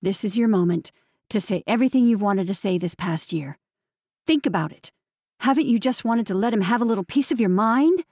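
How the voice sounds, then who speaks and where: A woman narrator voicing a steady, coaxing friend who talks slowly and deliberately. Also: medium pitch, no room sound, clean studio sound, close to an everyday voice.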